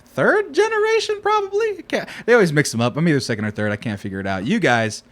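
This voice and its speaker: A man's voice: mid-range voice, very animated, very fast. A young man from California hosting a casual podcast, rambling and joking, often laughing. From Fresno, California. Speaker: podcast host.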